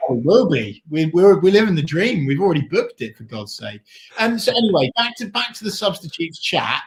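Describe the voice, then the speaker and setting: Excitable football fan co-host. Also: male voice, fairly high pitch, fairly quick. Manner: boisterous, shouts and sings at goals. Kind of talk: excited football watchalong chat.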